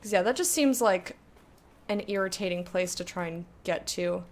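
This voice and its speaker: A young woman streaming a game and chatting casually with her viewers, blunt and quick to swear, laughing often and reading their messages aloud. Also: lowish voice. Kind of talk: casual live-stream chat while gaming.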